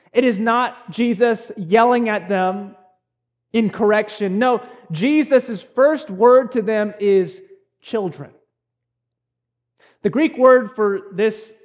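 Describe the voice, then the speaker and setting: A young man preaching a sermon as pastor, earnest and conversational, with pauses and restarts. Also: sits high.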